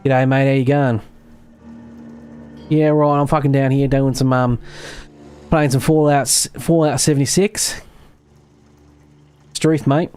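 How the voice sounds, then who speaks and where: A man's voice: medium pitch, fairly even intonation, measured pace, long pauses, darkish tone, clean tone, faint music behind, close to an everyday voice. An Australian man hamming up a broad, slangy ocker Australian bloke voice. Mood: laid-back.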